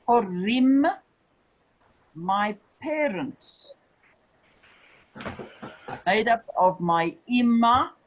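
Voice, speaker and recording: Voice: medium pitch, low-quality recording. A Hebrew teacher giving a classroom lecture, patiently repeating each word and checking that students follow. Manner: drills words by slow repetition; patient, checks understanding with "okay?" and "remember".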